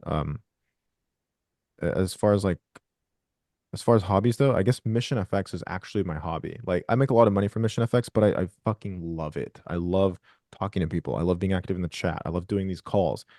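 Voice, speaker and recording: A man's voice: deep voice, a little fast, warm tone, no echo, clean studio sound. A man hosting a group video call, chatting casually in a rambling, profane way with lots of restarts. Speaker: host of a trading group call.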